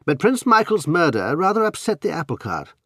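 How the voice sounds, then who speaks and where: A man's voice: on the high side, sing-song, a little fast, sharp tone, no room sound, studio quality, pitched above the performer's own voice, full character voice. A man reading an audiobook, voicing a confident, cool-headed English adventurer with an assured delivery. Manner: cool, assured, sometimes soothing.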